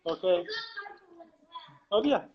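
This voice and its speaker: A man's voice: extremely high pitch, lively intonation, slow pace, gravelly, highs cut off. Laughing man on a call. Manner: chatty, laughs easily, distracted by home visitors. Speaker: podcast host. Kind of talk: casual chat.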